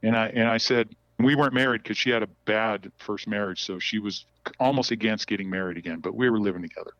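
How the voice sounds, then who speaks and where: A man giving a candid, halting account of personal events as a podcast guest, often repeating words as he goes. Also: fairly low pitch, fairly bright tone, no room sound, highs cut off. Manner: halting, repeats words while telling a story.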